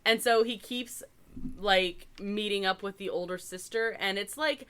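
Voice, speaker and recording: A woman's voice: mid-range voice, unhurried, fairly bright tone, smooth. A woman from Canada co-hosting a podcast, chatting casually as she recaps a movie, with lots of "like" and wry asides. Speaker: podcast co-host.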